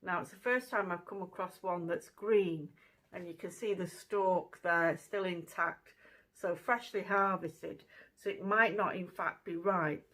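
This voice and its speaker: A woman's voice: on the low side, steady tone, unhurried, a bit bright, low-quality recording. A woman hosting her own channel, chatting casually through a fruit taste test at home, with plenty of fillers. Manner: chatty, conversational, many fillers. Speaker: channel host.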